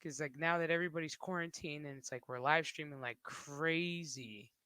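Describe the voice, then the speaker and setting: A man's voice: a little high, normal speed, pushed and bright, smooth, no echo. A man streaming who talks in a rambling, casual way, swearing and laughing often. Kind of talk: casual livestream chat.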